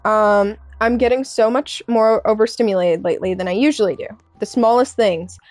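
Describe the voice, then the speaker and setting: A woman's voice: on the high side, darkish tone, no echo. Hesitant young woman streamer, faint music. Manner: halting, hesitant, many fillers and restarts; candid and earnest. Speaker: live streamer. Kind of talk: casual chat with stream viewers.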